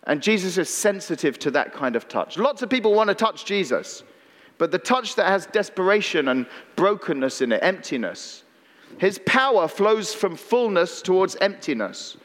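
A man's voice: high-pitched, very animated, moderate pace, fairly bright tone. A man preaching a sermon in a conversational way, with playful asides and calls to the congregation. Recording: long reverb in a large hall.

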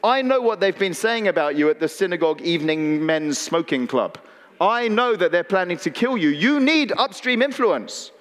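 A man's voice: high-pitched, lively intonation, moderate pace. A preacher voicing an impatient, anxious father and synagogue leader who pleads and pushes in exasperation. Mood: exasperated. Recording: long reverb in a large hall.

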